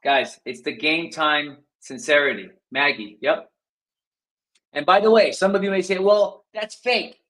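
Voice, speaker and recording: A man's voice: fairly high pitch, a little slow, pushed and bright, rough recording. A man coaching viewers live on a stream, speaking energetically, addressing them directly and acting out phone scripts to show tone of voice. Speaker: sales coach. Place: indoor livestream.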